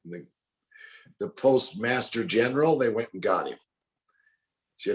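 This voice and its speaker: A man's voice: mid-range voice, a little fast, long pauses. An older man in his sixties with a drawl, telling folksy stories as an interview guest. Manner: folksy, acts out other people's lines in the stories he tells. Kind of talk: casual storytelling.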